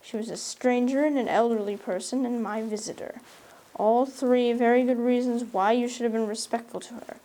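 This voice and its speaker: A woman's voice: on the high side, steady tone, moderate pace, mellow, close to an everyday voice, low-quality recording. A woman reading a novel aloud, voicing a stern older woman guardian who scolds in a dry, reproving way. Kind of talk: audiobook reading.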